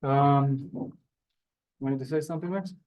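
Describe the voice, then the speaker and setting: Slow, exaggerating language teacher, a man. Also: mid-range voice, lo-fi sound. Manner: drawn-out, exaggerated pronunciation of words. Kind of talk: live online beginner lesson. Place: teaching room in front of a board. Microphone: video call.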